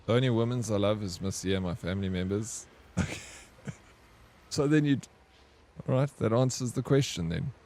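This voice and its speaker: A man's voice: fairly low pitch, normal speed, pauses often, mellow. A man streaming a game, chatting casually and bantering with viewers as he reads their messages aloud. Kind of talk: casual livestream chat.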